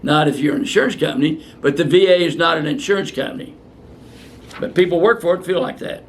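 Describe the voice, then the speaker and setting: A man's voice: on the high side, fast talker, slight background noise. An older male physician answering viewer questions in a blunt, fiery and profane way, ranting at length. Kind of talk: unscripted question-and-answer talk.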